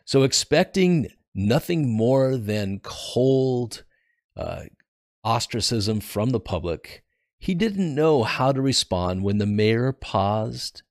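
Male podcast host, lowish voice, dry close sound, reads scripture then chats about it earnestly, restarts phrases. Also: no room sound. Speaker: podcast host teaching the Bible. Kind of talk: casual devotional Bible reading and commentary.

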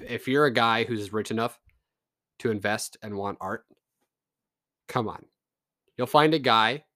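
A man's voice: fairly low pitch, fairly bright tone, no echo, clean studio sound. Profane ranting man from Canada. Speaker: vlogger. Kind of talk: casual rant to camera.

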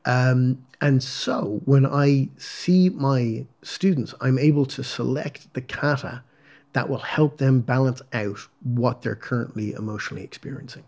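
A man who teaches martial arts, talking in a casual podcast conversation in a thoughtful, animated way. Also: mid-range voice, measured pace. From Ireland. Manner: thoughtful and animated, with frequent ums.

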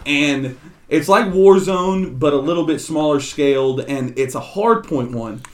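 Man telling a story, animated, swearing, slightly high voice, roomy sound. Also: measured pace, recorded from a distance. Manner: animated, profane, laughing. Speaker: podcast co-host. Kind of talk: casual chat, storytelling.

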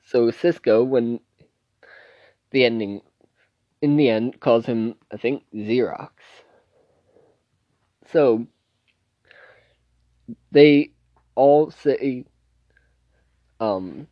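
A man's voice: medium pitch, extremely slow, pauses often, no room sound, dull audio. A man casually recapping a TV show's plot, rambling and restarting as he loosely quotes the scenes. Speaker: TV show reviewer.

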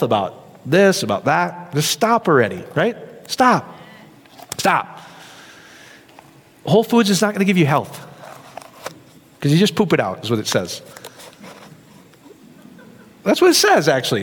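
Lively male pastor with a high, swooping voice, peppers his sermon with questions, reverb from a big hall. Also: slightly rough. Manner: animated, asks the crowd rhetorical questions.

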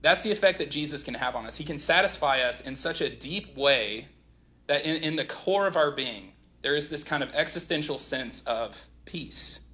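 A man in his thirties giving a sermon as pastor, talking in a casual, animated way with many asides. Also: fairly high pitch, moderate pace.

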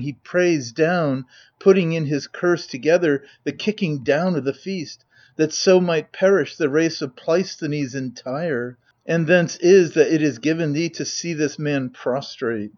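A man reading the lines of a gloating usurper in a proud, measured declaiming manner. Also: fairly high pitch, a little mellow, highs cut off, natural voice. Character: gloating usurper, avenger of his father.

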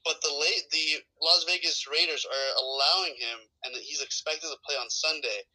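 A man on a sports podcast panel, telling stories in an animated, profane way and ranting in casual talk. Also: fairly high pitch, moderate pace, rough recording.

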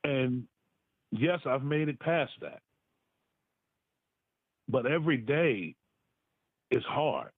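A man giving a personal testimony, halting, hesitant and earnest. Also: medium pitch, sing-song, husky, dry recording. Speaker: guest sharing his story. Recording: tinny phone line, dry.

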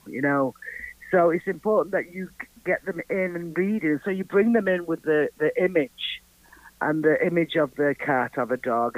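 A man's voice: on the high side, no room sound, low-quality recording. A man, an artist, chatting casually in an interview and acting out quoted conversations as he tells stories. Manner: animated storyteller, acts out quotes. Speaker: artist guest.

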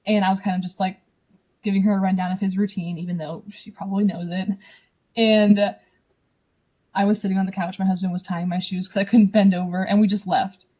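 Breathy young woman telling her story. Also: medium pitch, brisk. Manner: animated, acts out quoted dialogue. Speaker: podcast guest. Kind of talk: casual personal storytelling.

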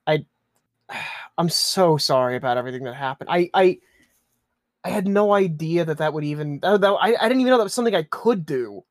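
A player in a tabletop game who talks in a halting, stammering, apologetic way. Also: medium pitch, animated, dry recording, clean studio sound. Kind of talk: tabletop role-play.

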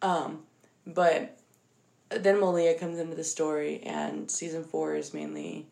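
A woman's voice: low voice, little pitch movement, unhurried, vocal fry, darkish tone, roomy sound. A young woman in casual chat, retelling a story animatedly with lots of fillers.

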